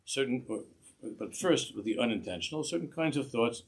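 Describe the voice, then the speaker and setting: A man giving a religious lesson in a measured way, often repeating phrases as he searches for words. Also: mid-range voice, lively intonation, slightly rough. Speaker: religious teacher. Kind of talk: instructional talk to parents.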